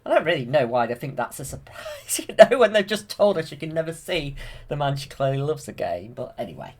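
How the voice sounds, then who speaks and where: A man's voice: on the high side, sing-song, brisk, darkish tone. A man casually retelling a film from memory, hesitant, with many fillers and restarts. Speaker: channel host.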